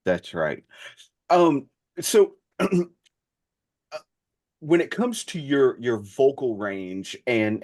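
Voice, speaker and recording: A podcast co-host asking a guest questions in a halting way, with many pauses and restarts. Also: medium pitch, darkish tone. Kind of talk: casual interview chat.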